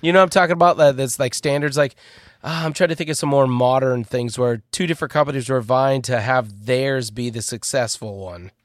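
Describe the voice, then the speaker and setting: Dry-sounding animated podcast host. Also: male voice, medium pitch, a little fast, no echo. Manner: animated, trails off mid-thought. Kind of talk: casual chat.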